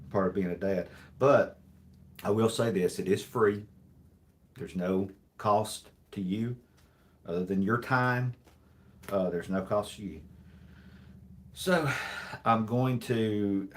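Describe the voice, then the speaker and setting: A man hosting a live stream, reading jokes aloud in a dry, deadpan way and rambling with many restarts and apologies. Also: fairly low pitch. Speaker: livestream host. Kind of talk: casual livestream chat, reading jokes aloud.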